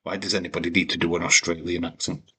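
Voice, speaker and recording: Guy ranting over a wrestling watch-along, kinda low voice but punchy and bright, swears a lot, trips over his words. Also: little pitch movement, fast talker, breathy edge. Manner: blunt, sweary, ranting with frequent restarts. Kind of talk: casual opinionated commentary.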